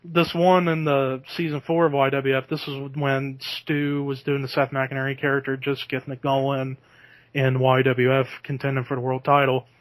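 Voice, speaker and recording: A man's voice: mid-range voice, little pitch movement, normal speed, no echo. A man hosting a podcast in casual chat, talking easily and breaking into laughter. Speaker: podcast host.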